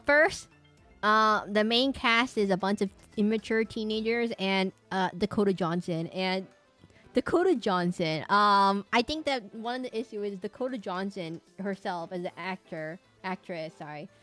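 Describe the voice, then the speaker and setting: Woman streamer just chatting to chat, rambly, lots of ums and restarts, mid pitch, faint music behind. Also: fairly bright tone. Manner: rambling, with many fillers and restarts. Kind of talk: casual chat with a live stream audience.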